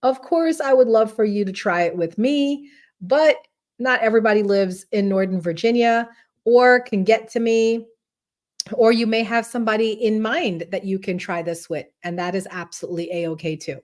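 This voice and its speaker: A middle-aged woman talks casually to viewers on a wellness livestream show. She is friendly and chatty and often checks in with a quick "right?". She sounds a little out of breath. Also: medium pitch, darkish tone. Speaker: podcast host and wellness center owner.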